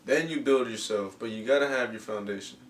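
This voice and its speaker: A man's voice: medium pitch, fairly quick, echoey room, distant mic, slight background noise. A man hosting a casual podcast talk, loose and repetitive, full of slang. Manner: laid-back, repeats himself, heavy slang. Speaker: podcast host. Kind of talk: casual chat.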